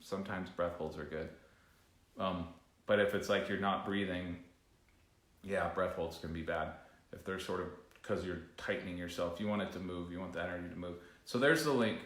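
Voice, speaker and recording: In an echoey room, a man with a deep, slightly bright voice and moderate pace runs an informal breathing class. As the coach, he meanders, starts sentences over and tosses jokes to his co-host.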